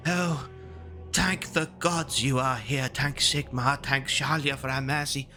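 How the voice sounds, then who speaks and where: Man doing a raised, pompous noble lady, dramatic, with a bright edge and music underneath. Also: medium pitch, steady tone, unhurried, voice pushed up. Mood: indignant. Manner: pompous, theatrical. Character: haughty noblewoman, fussy and dramatic.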